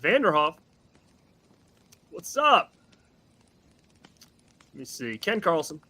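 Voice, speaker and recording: A man with a high, lively voice hosts a live stream. His tone is bright and forceful. He sounds excitable, swinging his pitch widely as he fires off shout-outs to the chat. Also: takes it slowly. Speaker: host. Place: outdoors at night.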